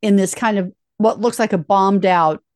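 A woman's voice: mid-range voice, normal speed, no echo, studio quality. A woman in casual conversation, filling in and correcting details of a film's plot. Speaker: film podcast co-host. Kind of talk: casual film discussion.

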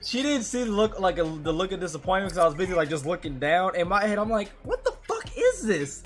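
A young man hosting a podcast, telling a story in an animated, profane way and laughing through it. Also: sits high, fast talker, faint music behind. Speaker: podcast host.

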